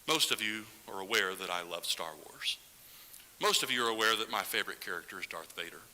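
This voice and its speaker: A man preaching a Sunday sermon with a lively, swooping delivery and a bright, forceful edge, now and then sinking to a hushed whisper for emphasis. His voice carries the long reverb of a church hall. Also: on the low side, brisk, a little hiss or hum. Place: church sanctuary.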